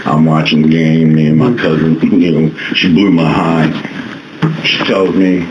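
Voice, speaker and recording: A man with a deep voice rambles calmly to police and tries to soothe things. The audio is muffled and noisy, like a bodycam recording. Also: measured pace. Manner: rambling, calm, placating. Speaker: interviewee, stepfather. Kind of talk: casual account to police.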